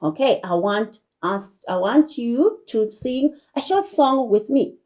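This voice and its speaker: A woman's voice: a little high, expressive, slow pace, darkish tone. A woman teacher from South Africa giving a broadcast lesson to young children, repeating words and coaxing the class with frequent "all right" and "okay".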